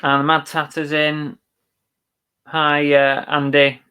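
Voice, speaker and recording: A man's voice: fairly high pitch, completely flat delivery, slow pace, sharp tone, clear, resonant tone. Chatty man co-hosting a livestream. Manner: chatty, agreeable, thinks aloud with restarts. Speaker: co-host of a live reselling show. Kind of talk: casual live-stream chat, reading viewer comments.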